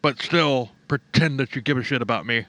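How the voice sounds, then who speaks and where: A man's voice: medium pitch, fairly quick, sharp tone, no echo, natural voice. A man putting on the voice of a sulky, self-pitying young man who whines petulantly in a sing-song way.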